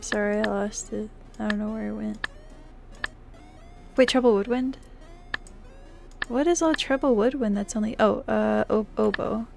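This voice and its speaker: A young woman streaming live, chatting casually with her viewers, playful and laughing, swinging between loud outbursts and quiet mumbling. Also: medium pitch, a little slow, vocal fry, long pauses, noisy background. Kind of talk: casual live-stream chat while playing games.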